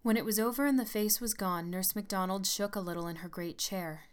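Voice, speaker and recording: A woman narrating a story in a measured, storytelling manner. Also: mid-range voice. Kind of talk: scripted narration.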